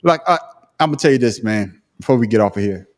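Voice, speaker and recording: Animated, profane Southern man on a podcast. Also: medium pitch, quick pace. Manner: profane, animated, self-mocking, laughs often. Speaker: podcast co-host. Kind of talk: casual podcast chat. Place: remote call.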